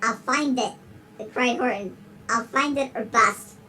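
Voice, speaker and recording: Here the giggling alligator with big lips, played by a performer, tells a dramatic story in rhyme, interrupting itself with laughter. Pitch sits mid-range, the pace is measured, and the tone is pushed and bright. The rough recording has a faint hiss or hum.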